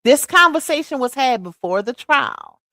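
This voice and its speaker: A woman's voice: high-pitched, big pitch swings, normal speed, pushed and bright, no echo, clean studio sound. A woman giving casual live-stream commentary, emphatic and repetitive, talking straight to her chat. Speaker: livestream commentary host.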